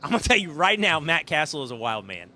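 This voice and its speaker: A middle-aged male host tells backstage stories with animated emphasis, pushing key words hard. His voice sits a bit high and sounds bright and forceful. He talks casually from a green room. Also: quick pace. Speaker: show host. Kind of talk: casual storytelling and show preview. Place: green room at a live event.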